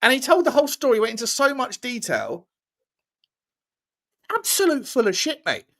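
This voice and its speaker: A man's voice: extremely high pitch, very animated, normal speed, a bit bright. A man co-hosting a casual podcast chat, skeptical and telling stories with a laugh. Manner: skeptical, storytelling, laughs often. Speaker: podcast co-host.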